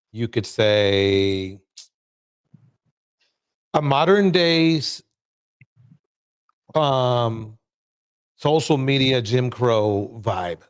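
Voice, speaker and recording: A man co-hosting a panel discussion, summing up points in a measured way and passing the floor to others. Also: on the low side, smooth. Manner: measured, sums up and passes the floor.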